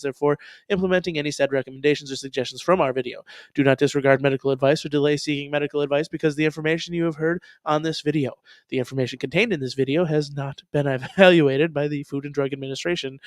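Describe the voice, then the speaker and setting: A man's voice: medium pitch, dry recording, clean studio sound. A male show host in casual commentary, reading a disclaimer aloud with profane, sarcastic asides and chatting with viewers. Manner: chats with viewers in a live chat.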